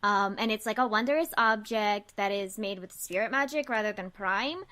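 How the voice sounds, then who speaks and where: A woman's voice: medium pitch, moderate pace, sharp tone. A woman narrating as game master of a tabletop game, rambling with many fillers. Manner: rambling, lots of um and like.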